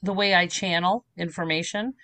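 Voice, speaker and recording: The recording has no room sound, and the woman's voice is lowish at a normal speed. She's a middle-aged spiritual medium in a casual interview, teaching and spinning stories with lively acted-out voices.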